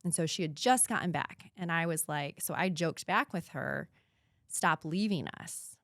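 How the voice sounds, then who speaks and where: A woman in her thirties talks through a painful personal story as a podcast guest. Her voice sits low, and she speaks earnestly, sometimes dropping to a hushed whisper. The recording is dry and close. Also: unhurried, no echo.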